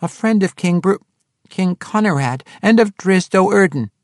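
A man voicing a small, frightened and injured male halfling with a squeaky, breathless voice. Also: expressive, measured pace, dry recording, clean studio sound. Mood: pleading.

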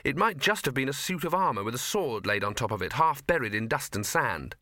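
A man narrating an audiobook with measured, even storytelling. His voice is bright and forward. The recording is close and dry. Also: mid-range voice, no echo. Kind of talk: scripted narration.

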